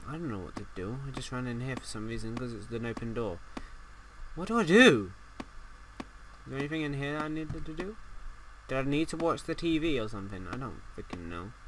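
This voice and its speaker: A young man commentating a horror game as he plays, excitable and swearing, talking back at the game. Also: mid-range voice, slight background noise, poor audio. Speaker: gaming channel host.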